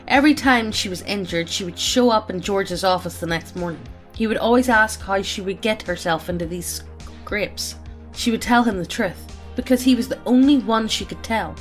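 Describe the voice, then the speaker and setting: A woman reading out a character backstory among friends, often breaking into laughter. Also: mid-range voice. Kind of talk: reading a backstory aloud with banter.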